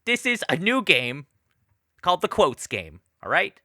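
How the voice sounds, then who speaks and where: A man's voice: high-pitched, wildly swooping pitch, unhurried, pushed and bright, dry recording, clean studio sound, pitched above the performer's own voice, exaggerated voice. A man putting on a playful baby voice to coax his co-hosts into a game. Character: grown man's playful baby voice. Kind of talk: podcast game hosting.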